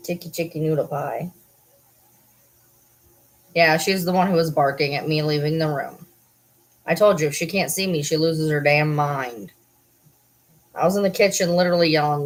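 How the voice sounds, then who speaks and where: A woman's voice: low-pitched, normal speed, pauses often, rough recording. A woman at home chatting casually, often cooing baby talk to her pets.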